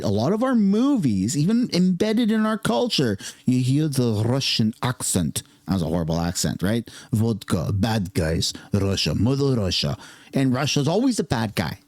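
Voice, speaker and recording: A man hosting casual political commentary, talking in an animated, sarcastic way. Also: medium pitch, dry recording. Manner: animated and sarcastic, lively ups and downs.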